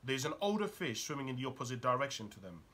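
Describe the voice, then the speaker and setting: A man's voice: medium pitch, big pitch swings, fast, bright, forceful tone. A man talking as a life coach in a motivational monologue, firing off emphatic rhetorical questions.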